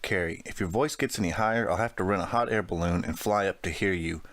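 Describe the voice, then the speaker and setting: A witty teenage girl who teases and mocks with a snooty, sarcastic bite, as a man with a deep voice puts her on. She is quick with a put-down. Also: fairly bright tone.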